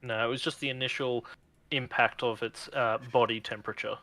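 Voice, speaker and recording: A man narrating as game master on a video call, describing the action in a relaxed way and laughing often. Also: mid-range voice, a little fast, no echo, rough recording.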